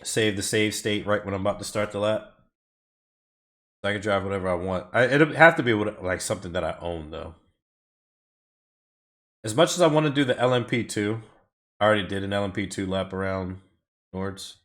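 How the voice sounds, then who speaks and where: A man's voice: lowish voice, fairly quick, long pauses, a bit bright. A man live-streaming racing time trials from home, chatting casually with his viewers, rambling and swearing often as he drives. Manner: rambling, swears often, talks back to chat. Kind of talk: casual live-stream chat while driving.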